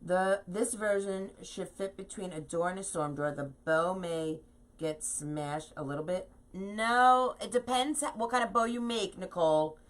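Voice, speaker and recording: A woman's voice: medium pitch, unhurried. A woman hosting a live craft tutorial, chatting and laughing at herself as she reads viewer comments at her home craft table. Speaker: craft host teaching wreath making.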